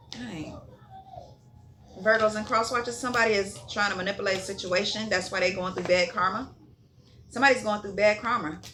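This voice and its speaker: A woman's voice: mid-range voice, noisy background. A woman giving a casual tarot reading in a blunt, profane way, repeating herself and checking in with "okay?". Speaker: tarot reader.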